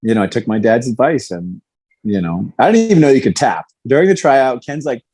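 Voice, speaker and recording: A man's voice: medium pitch, expressive, brisk, darkish tone, slightly rough. A man in his fifties, a guest in a podcast interview, telling his story candidly and animatedly, acting out quoted lines. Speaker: guest, former fighter.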